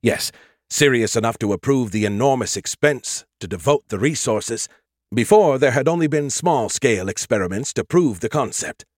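Smug know-it-all AI, put on by a male audiobook narrator: condescending, animated, bone-dry read. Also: mid-range voice, moderate pace, no room sound, lightly acted. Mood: explaining. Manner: condescending, lecturing. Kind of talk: audiobook character voice.

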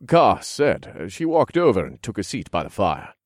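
A man with a very low, deep voice reads a fantasy novel aloud in the first person. His storytelling is calm and even. The recording is dry and close, with no room sound. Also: normal speed, no echo. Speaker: audiobook narrator.

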